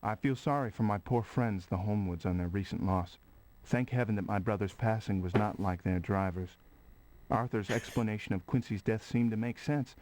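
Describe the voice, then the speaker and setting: An actor playing an earnest young gentleman investigator in a 1990s game, speaking formally with a put-on British accent. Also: fairly low pitch, natural voice, poor audio. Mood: concerned. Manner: formal, measured period speech.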